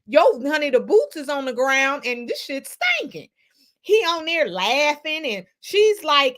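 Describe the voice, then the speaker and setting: A woman hosting a casual gossip livestream, talking high and with big swoops in her pitch. She is emphatic and salty, with plenty of profanity. She chats straight to her viewers and greets them by name. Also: fairly bright tone. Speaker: livestream host reading chat.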